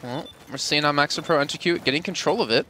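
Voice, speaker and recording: A man's voice: fairly high pitch, fast talker, noisy background. A man giving chatty, analytical color commentary on a live esports match.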